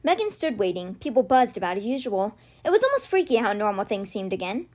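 A woman reading a children's novel aloud in a steady, gentle storytelling manner. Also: medium pitch, fairly quick. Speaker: read-aloud podcast host.

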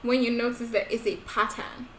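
A young woman in her twenties chatting expressively, often with a laugh close by. Her voice sits a little high. The room is echoey, with a faint hiss behind her. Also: moderate pace. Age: 20s. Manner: expressive, laughs easily, uses examples. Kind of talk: casual chat.

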